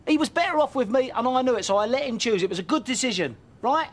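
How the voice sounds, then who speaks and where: A man's voice: extremely high pitch, animated, fast. An actor playing a blunt, sarcastic father who argues with his wife. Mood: defensive.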